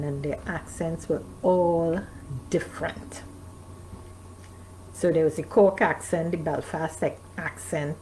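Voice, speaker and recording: A woman's voice: lowish voice, a little mellow, a little hiss or hum, low-quality recording. A woman, the author, reading her own memoir aloud and stopping now and then to chat with her live audience. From North America. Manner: reads aloud, then breaks off to chat with listeners. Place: home, streamed live.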